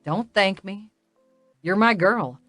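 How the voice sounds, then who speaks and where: A calm, protective young man with a smooth, slow drawl, as a woman narrator lowers her voice for him. He speaks softly and soothingly, in a dry, close audiobook sound with faint music underneath. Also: no room sound.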